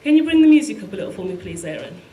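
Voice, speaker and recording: A woman reading a memorial tribute aloud, measured and solemn. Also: medium pitch, sing-song, mellow. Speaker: tribute speaker. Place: large hall at a live event. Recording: echoey hall with faint music.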